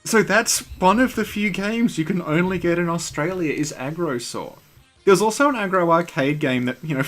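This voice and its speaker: A man hosting a retro game stream, chatting casually with a wry, rambling storytelling manner. His voice sits at a middle pitch. Quiet music plays under his talk.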